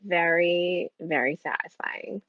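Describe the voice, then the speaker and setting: A woman's voice: fairly low pitch, takes it slowly. A woman co-hosting a book club podcast, chatting casually with lots of fillers and checking for agreement. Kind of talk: casual chat. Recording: dull, dry lo-fi sound.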